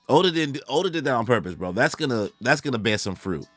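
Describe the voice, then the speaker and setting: A man's voice: medium pitch, fairly quick, a bit bright, no echo. A man giving casual, slangy live commentary as he reacts to a comic chapter, laughing and joking at the page. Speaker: manga reaction streamer.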